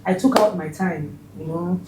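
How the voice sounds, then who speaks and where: A woman's voice: lowish voice, moderate pace, a little mellow, a little hiss or hum. A woman in her thirties with a Nigerian accent, telling a personal story with laughter in casual chat. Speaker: podcast guest. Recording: roomy echo.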